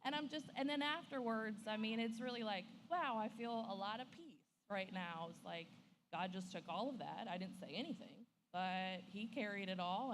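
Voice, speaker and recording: A woman's voice: mid-range voice, normal speed, slight background noise. A woman sharing candidly on a church panel, laughing often and acting out what she said to others. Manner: candid, laughing, acts out her own quotes.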